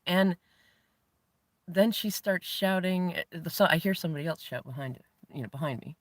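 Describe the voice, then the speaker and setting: A man around forty, hosting his own show, tells a story in a reflective, spiritual monologue. He is animated and laughs often as he talks. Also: high-pitched, normal speed, no room sound. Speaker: host.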